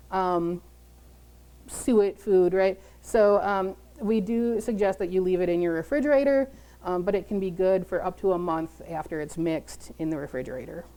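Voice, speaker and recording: A woman's voice: mid-range voice, darkish tone, smooth. A woman nature educator giving a casual, chatty talk with frequent laughs. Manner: chatty, laughs often, many fillers.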